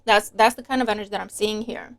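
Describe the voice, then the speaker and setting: A woman's voice: medium pitch, fairly even intonation, fast, vocal fry. A woman giving a casual tarot reading to her viewers, chatty and emphatic, sometimes breaking into a rant. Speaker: tarot reader.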